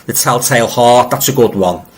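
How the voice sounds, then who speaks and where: A chatty middle-aged man with a Liverpool accent, speaking at an ordinary pitch. He greets viewers directly and talks in a loose, rambling way, often stumbling over repeated words. He sounds like a casual live-stream host reading out comments. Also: normal speed. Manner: friendly, addresses viewers directly.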